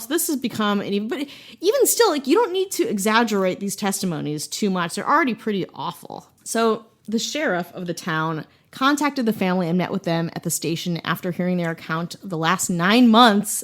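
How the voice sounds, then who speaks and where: A woman's voice: lowish voice, animated, fairly quick. Playful woman podcast host telling a story. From Wisconsin, USA. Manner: playful, jokey asides and laughs while telling a story.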